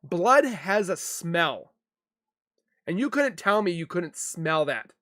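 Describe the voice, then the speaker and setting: A young man hosts a live chat stream, reading viewer comments and answering them in a loose, rambling way. His voice sits fairly high for a man, and the sound is dry and close with no room around it. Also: expressive, a bit bright, no room sound. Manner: chatty, reads viewer comments aloud and reacts; loose, with restarts and quick asides. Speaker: livestream host reading chat.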